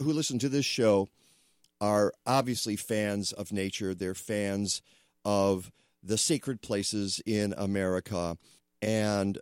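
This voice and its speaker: A man hosts a talk radio show in a rambling, chatty way, doubling back on his sentences. His voice sits somewhat low, and the studio sound is dry and close. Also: dry recording.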